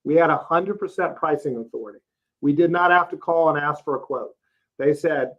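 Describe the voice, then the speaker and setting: A man's voice: on the high side, a little fast, a bit bright. A man in his fifties from Texas, a roofing company CEO telling his career story as a guest in a casual interview, plain-spoken and folksy. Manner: plain-spoken, folksy, lots of "uh" and "you know". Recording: slightly dull, lo-fi podcast audio.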